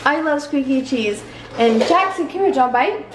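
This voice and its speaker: A woman's voice: high-pitched, expressive, normal speed, slight background noise. A young woman hosting a family vlog at home, chatting casually and talking baby talk to her toddler. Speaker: vlog host and mother. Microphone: handheld camera.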